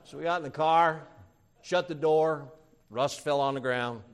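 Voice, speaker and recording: A middle-aged man, a pastor, telling a story in a sermon and acting out the people he quotes with lively voice changes. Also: on the high side, measured pace, clean tone.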